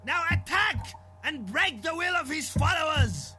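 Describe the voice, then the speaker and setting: A man's voice: very high voice, lively intonation, unhurried, pushed and bright, heavily acted. A man voicing a stern male battle commander in a video game, calling out declamatory orders to his troops. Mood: commanding.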